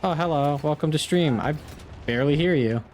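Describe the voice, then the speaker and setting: A man's voice: a little high, a little fast, darkish tone, slight background noise. A man hosting a gaming stream, chatting casually and upbeat, laughing often while he plays.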